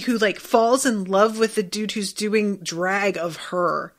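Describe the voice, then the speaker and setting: A woman hosting a podcast, recapping a TV episode in a casual, profane, animated way. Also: mid-range voice, slow pace. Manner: animated, profane, bursts into laughter.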